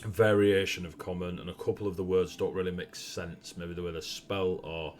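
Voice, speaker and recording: A young Northern English man runs a tabletop game, describing scenes in a very low voice. He rambles easily, with plenty of ums, and laughs often as he narrates. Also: flat delivery, a little fast, a little mellow, a little hiss or hum. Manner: laid-back, laughs often, rambling with fillers. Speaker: game master.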